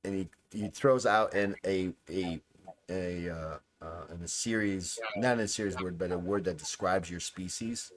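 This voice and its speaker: A low, steady-voiced man narrates as game master of a tabletop role-playing game. He rambles with many fillers and voices characters in quick asides.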